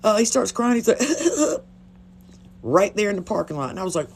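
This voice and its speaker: A woman's voice: mid-range voice, lively intonation, very fast, vocal fry, slight background noise. A blunt, chatty woman with a drawl tells stories straight into her phone on a livestream. Her voice swings up and down expressively, and she swears without a second thought. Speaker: livestream host. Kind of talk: casual storytelling on a livestream.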